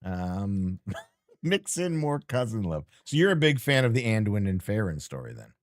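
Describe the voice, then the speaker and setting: A man's voice: fairly low pitch, very animated, normal speed, no echo, clean studio sound. A man streamer chatting casually and teasingly with his chat while playing a game, rambling and joking.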